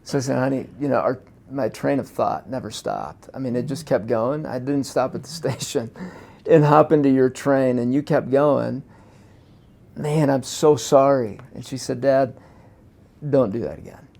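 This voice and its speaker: A man's voice: mid-range voice, a little slow, creaky. A middle-aged man hosting a conversational interview, affirming his guest and telling a story from his own life. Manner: warm storytelling, affirming listener. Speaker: host.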